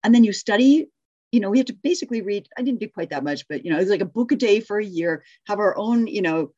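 A woman reading a rhyming children's story aloud with lively expression, then leading a group discussion over a video call and laughing often. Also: mid-range voice, fast, dull audio. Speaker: workshop facilitator.

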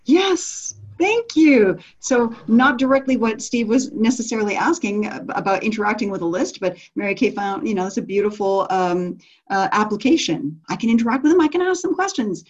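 A woman's voice: mid-range voice, expressive, normal speed, muffled recording. A woman leading a business coaching group call, enthusiastic and affirming, laughing often as she talks.

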